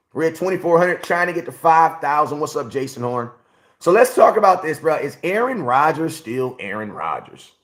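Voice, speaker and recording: A man's voice: fairly high pitch, a bit bright. Man, 40, sports livestream host; blunt, repetitive, chatty with the audience. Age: 40s. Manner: blunt, repetitive, talks straight to chat. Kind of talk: casual livestream commentary.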